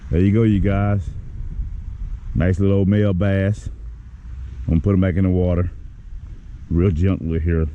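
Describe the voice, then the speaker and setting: A man giving excitable running commentary to his viewers while fishing at a pond outdoors, even talking to the fish he catches. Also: low voice, moderate pace, pauses often, phone-quality sound, a little hiss or hum. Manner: chatty, excitable, talks to the fish. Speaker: fishing vlogger.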